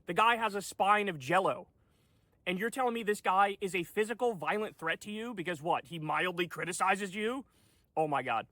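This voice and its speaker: A man with a high voice delivers political commentary, sarcastic and openly incredulous. The sound is dry and close, with no room around it. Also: normal speed, sharp tone, dry recording.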